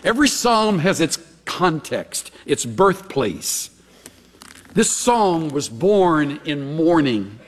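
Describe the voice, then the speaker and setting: A man preaching a sermon, slow and dramatic, his voice swinging from loud outbursts to a near whisper. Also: on the high side, very animated, long reverb tail. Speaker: pastor.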